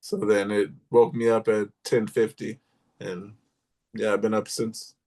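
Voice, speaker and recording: A man's voice: fairly low pitch, little pitch movement, unhurried, mellow. A man hosting a podcast in casual chat, easygoing and teasing.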